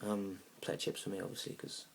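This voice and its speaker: A young man telling a comic story about a bad date, awkward and rambling, now and then bursting into loud indignant rants. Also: low voice, monotone, a little fast, vocal fry, slight background noise. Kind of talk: deadpan comic monologue.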